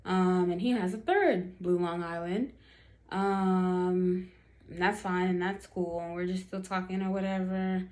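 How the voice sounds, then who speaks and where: A woman's voice: fairly low pitch, steady tone, a little slow, a little mellow. A young woman chatting to camera, telling a dating story with lots of fillers and acted-out quotes.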